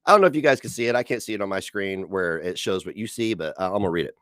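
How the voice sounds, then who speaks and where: A man's voice: low-pitched, lively intonation, very fast, fairly bright tone, dry recording, studio quality. A man streaming from home, ranting angrily and sarcastically with heavy profanity while reacting to posts on screen. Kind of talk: angry commentary rant.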